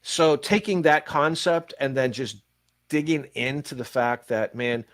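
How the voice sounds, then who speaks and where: An older man, a pastor and podcast host, telling stories in casual church podcast chat with animated, quick bursts. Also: medium pitch.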